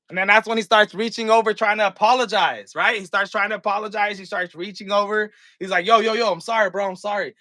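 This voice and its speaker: A man with a high, bright, edgy voice rants to his viewers in loose street slang, cursing freely. The sound is close and dry, with no room around him. He acts out the scene as he talks. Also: no room sound. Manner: acts out scenes with props while talking. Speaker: vlogger. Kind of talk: casual commentary rant.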